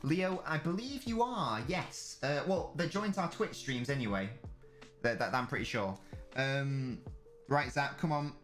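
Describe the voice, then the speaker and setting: Young male streamer, chatty and jokey, mid-pitched, faint music behind. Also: animated, measured pace, fairly bright tone. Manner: chatty, jokey, reads chat aloud. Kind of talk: casual live-stream chat.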